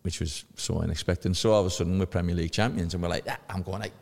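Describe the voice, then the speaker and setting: A man in his fifties, a podcast guest telling lively anecdotes and acting out the voices of people he quotes. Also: sits low, rapid-fire, creaky, big-room sound. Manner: lively storyteller who acts out quoted voices. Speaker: podcast guest, former footballer.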